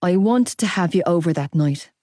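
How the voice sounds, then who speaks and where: Female narrator doing a gentle, caring woman; measured, mellow, dry read. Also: lowish voice, expressive, no room sound, close to an everyday voice. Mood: gentle concern.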